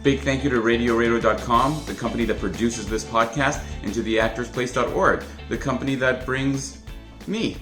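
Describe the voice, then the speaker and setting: A man reads a friendly, upbeat intro announcement for his podcast. His voice sits at a middle pitch, and the room echoes noticeably. Clear music plays underneath him. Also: moderate pace. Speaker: podcast host. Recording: echoey with loud music bed.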